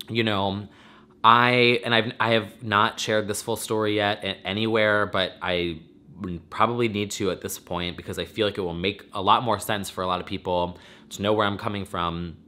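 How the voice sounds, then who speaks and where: A man's voice: lowish voice, pushed and bright. A man hosting his own vlog, talking in a rambling, effusive and emotional way, teary and close to crying. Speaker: vlogger and podcast host. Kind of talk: casual emotional vlog monologue.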